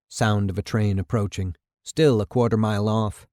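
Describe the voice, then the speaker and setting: A man's voice: lowish voice, steady tone, normal speed, few pauses, darkish tone, dry recording, clean studio sound. A man reading the stage directions of a radio play aloud. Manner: plain narrating of sound cues. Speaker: reader.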